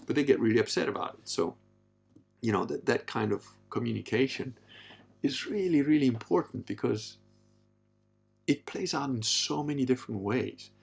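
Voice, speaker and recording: A man in his fifties hosting a casual monologue, blunt and profane, with a gravelly voice. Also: animated, a little fast, a little hiss or hum. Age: 50s. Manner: blunt and profane, mimics others in a high falsetto. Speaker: podcast host. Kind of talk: casual live-stream monologue.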